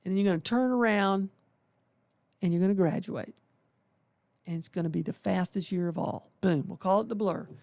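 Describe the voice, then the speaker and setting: At normal speed and with frequent pauses, a mid-range, slightly mellow voice with vocal fry delivers a folksy welcome to new interns. The speaker, a residency faculty member, uses colloquial exclamations and occasionally acts out residents' thoughts. No echo is present.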